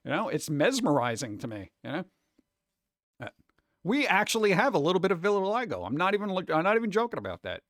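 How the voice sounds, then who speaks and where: A man chatting casually on a live stream, rambling and animated, jumping between topics and slipping into mocking voices. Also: high voice, fast, dry recording, clean studio sound.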